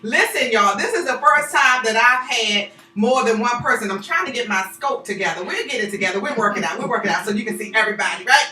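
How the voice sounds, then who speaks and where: A woman's voice: a little high, expressive, fast, few pauses, pushed and bright, roomy sound, low-quality recording. A woman hosting a live talk show, exuberant and chatty, whooping and cheering as she introduces her guests in the studio on a handheld microphone.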